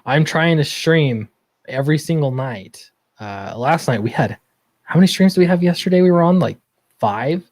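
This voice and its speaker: A man's voice: a little high, lively intonation, normal speed, darkish tone, dry recording. A man hosting a casual late-night stream, easygoing and agreeable. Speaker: stream host.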